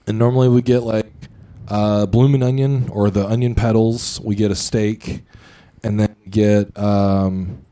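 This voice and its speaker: A man's voice: on the low side, fairly even intonation, unhurried, mellow. A young man co-hosting a podcast, telling a story in a rambling, casual way with lots of fillers and swearing. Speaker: podcast co-host.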